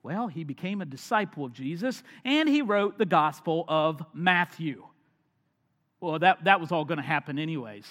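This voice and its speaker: A man preaches a sermon in a fairly high voice, rising to loud emphatic points and then dropping to quiet, almost whispered lines. His voice rings out in a big hall with a long, lingering reverb. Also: lively intonation, moderate pace. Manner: dynamic, swings from loud emphasis to hushed near-whispers. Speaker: pastor.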